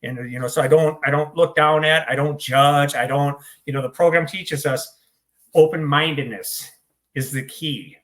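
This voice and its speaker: A man with a somewhat high-pitched voice talks as an interview guest, blunt and full of swearing. His delivery is hyper and rapid-fire, like candid storytelling. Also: steady tone, a bit bright. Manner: blunt and profane.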